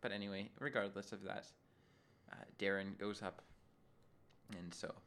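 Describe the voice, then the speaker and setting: A man in casual chat recapping a show episode, animated and acting out the characters in exaggerated voices, his voice low this early in the morning. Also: normal speed, vocal fry. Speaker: podcast co-host.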